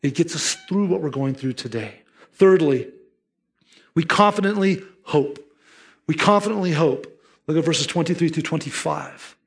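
High-voiced man preaching a sermon. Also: expressive, moderate pace, gravelly, slightly rough. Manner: earnest, emphatic, acts out listeners' inner voices. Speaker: pastor.

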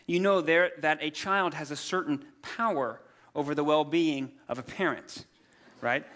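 A man in his thirties preaching a sermon, telling scripture stories in a lively, humorous way and acting out the characters. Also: a little high. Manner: animated storytelling, acts out scripture characters with humor. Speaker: pastor.

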